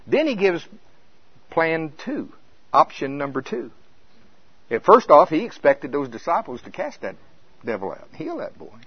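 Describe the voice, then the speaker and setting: A man's voice: a little high, big pitch swings, a little slow, pauses often, breathy edge, no echo, dull audio. An older man preaching a sermon in a folksy, impassioned way that rises and falls.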